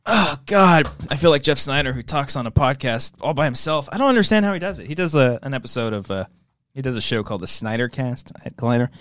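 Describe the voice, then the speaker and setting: A man's voice: medium pitch, lively intonation, fast, fairly bright tone, dry recording. A man co-hosting a podcast in casual chat, joking and giggling, a little intoxicated. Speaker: podcast co-host.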